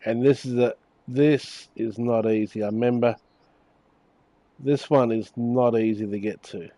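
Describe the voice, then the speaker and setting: A man's voice: mid-range voice, fairly even intonation, a little slow, warm tone, no echo, low-quality recording. A man giving casual, chatty commentary while playing a game and teasing viewers by name. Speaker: gaming streamer.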